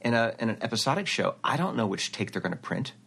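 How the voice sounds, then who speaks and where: A man's voice: fairly low pitch, fast talker, vocal fry, breathy edge. A man, a voice actor, chatting in an interview and acting out quotes as he tells stories. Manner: animated storyteller who acts out quotes. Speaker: voice actor guest. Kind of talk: casual interview chat.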